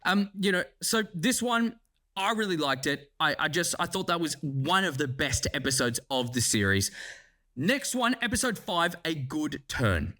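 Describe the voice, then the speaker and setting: A man giving a casual spoken review of a series, animated and excitable, swearing freely as he talks. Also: fairly high pitch, moderate pace. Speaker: show reviewer.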